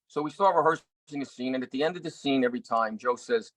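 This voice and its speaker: A middle-aged actor and director telling a story in an interview, earnest, with many restarts. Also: male voice, mid-range voice, fast talker, hardly any pauses, dry recording, low-quality recording. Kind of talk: anecdotal interview talk.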